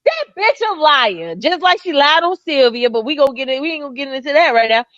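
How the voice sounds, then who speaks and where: A woman hosting a commentary channel, reacting in blunt, excitable, profane rants. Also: high-pitched, quick pace, no echo, highs cut off.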